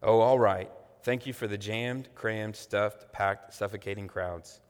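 A man's voice: lowish voice, fairly even intonation, unhurried, smooth, voice pushed down, close to an everyday voice. A man reading aloud the lines of a frightened, reluctant young woman prisoner, doubtful and wailing. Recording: long echoey hall reverb.

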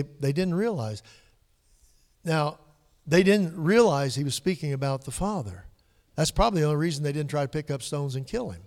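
A male pastor preaching a sermon, dropping to hushed whispers and rising to loud, emphatic peaks. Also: medium pitch. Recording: long hall reverb.

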